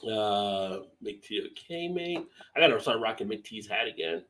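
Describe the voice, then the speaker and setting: A man's voice: fairly low pitch, animated, a little slow, fairly bright tone. A man hosting a casual beer live stream, chatting loosely and thanking viewers for their donations. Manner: laid-back, thanks viewers for super chats. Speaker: beer livestream host.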